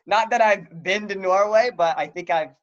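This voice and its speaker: Man, high voice, casual podcast chat, filler-heavy, dull lo-fi sound. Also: moderate pace. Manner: animated, laughing, lots of fillers. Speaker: podcast co-host.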